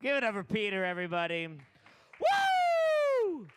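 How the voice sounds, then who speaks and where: A man's voice: high voice, lively intonation, a little slow, background noise. A man hosting a comedy open mic, joking loosely and chatting with the crowd between acts.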